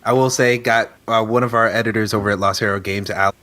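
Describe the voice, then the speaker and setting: A man who is a guest on a gaming podcast, talking in an earnest, enthusiastic, slightly halting way. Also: lowish voice, steady tone, pushed and bright, dry recording. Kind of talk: casual podcast chat.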